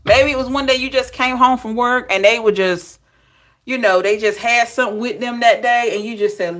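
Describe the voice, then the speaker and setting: A woman giving a casual, chatty tarot reading to her viewers, animated, with laughs and asides to the chat. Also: a little high, normal speed. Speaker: tarot reader.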